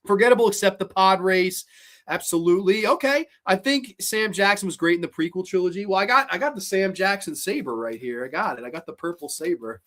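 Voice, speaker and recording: A host in their late twenties, chatting casually on a live stream, animated, swearing freely and often restarting sentences. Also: medium pitch, brisk. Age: late 20s. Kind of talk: casual live stream chat, reacting to viewer comments.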